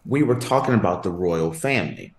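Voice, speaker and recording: A man's voice: low-pitched, very animated, brisk, creaky. A man hosting a sports podcast, chatting casually with a co-host, laughing and rambling as he talks. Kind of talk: casual chat. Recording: roomy echo.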